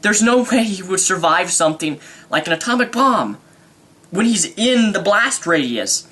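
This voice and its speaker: A young man rambling excitedly through an unscripted movie review vlog. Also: high voice, moderate pace, slightly rough.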